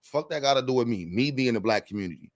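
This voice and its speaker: A young man hosting a livestream panel, talking in slang, animated and joking, reading the chat aloud. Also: medium pitch, fast talker, no echo. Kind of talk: casual livestream talk. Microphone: streaming mic.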